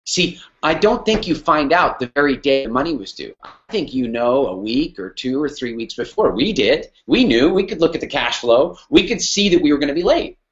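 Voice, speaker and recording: A man's voice: mid-range voice, sing-song, moderate pace, a bit bright, dull audio. A man teaching a business lesson through a personal story, emphatic and repeating phrases for weight. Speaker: business speaker.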